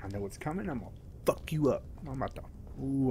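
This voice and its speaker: A man's voice: medium pitch, expressive, fast, a little mellow, a little hiss or hum. A man commentating his horror game play, jumpy and profane, with panicky outbursts and out of breath at times. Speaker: gaming YouTuber.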